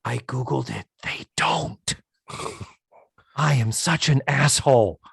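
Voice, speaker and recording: A man co-hosting a casual podcast, recapping a sitcom episode in an animated way, swearing and laughing often and slipping into voices for the characters. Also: mid-range voice, slow, creaky, slightly rough, no room sound, studio quality. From United States. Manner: animated, acts out characters' lines in funny voices. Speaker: podcast co-host.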